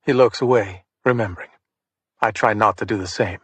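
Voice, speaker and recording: A man narrating a crime thriller audiobook in the first person, in a measured, hard-boiled manner. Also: lowish voice, a bit bright, slightly rough, no room sound.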